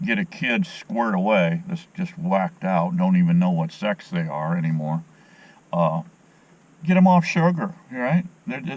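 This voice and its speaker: A man's voice: fairly low pitch, highs cut off. A middle-aged man chatting in a folksy, rambling way while fishing outdoors on a dock, talking to the camera on a handheld phone. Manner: folksy, rambling, opinionated, many fillers. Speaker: fishing vlogger. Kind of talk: casual rambling vlog chat.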